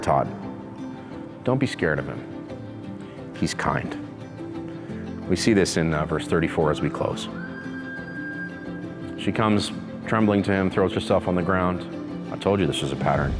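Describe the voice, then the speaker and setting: Male pastor, casual conversational sermon, low voice, reverberant hall. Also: moderate pace, long pauses, music in the background. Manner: conversational preacher, acts out voices, laughs easily.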